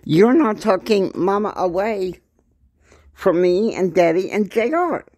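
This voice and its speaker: A man's voice: lively intonation, measured pace, dry recording, clean studio sound. A man doing a furious screaming young woman. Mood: screaming angry. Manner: yelling, shrill, insulting.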